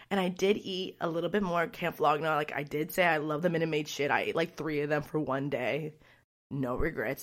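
Chatty young woman with a lowish voice. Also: fairly bright tone. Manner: chatty, profane, rambling storytelling with frequent fillers. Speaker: vlogger. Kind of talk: casual vlog chat.

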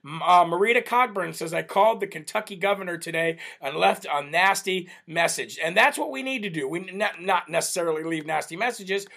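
High-pitched american guy doing live stream shout-outs, chatty, lots of uhs and little laughs. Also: a little fast, vocal fry, hardly any pauses. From United States. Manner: chatty, laughs often, many fillers. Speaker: livestream host. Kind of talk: casual livestream talk with viewer shout-outs.

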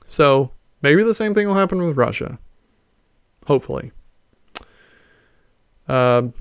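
A man talks through his thoughts alone on a show, rambling and restarting as he goes. His voice is smooth and resonant at an ordinary pitch. It is recorded close and dry, with no room sound. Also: no room sound. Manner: rambling, with many fillers and restarts. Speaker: podcast host. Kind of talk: casual solo commentary.

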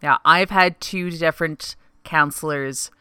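Woman podcaster, low pitch, clear smooth voice, dry close sound, casual and frank. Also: unhurried, bright, forceful tone, dry recording. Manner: chatty, frank, lots of fillers. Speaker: podcast co-host and streamer.

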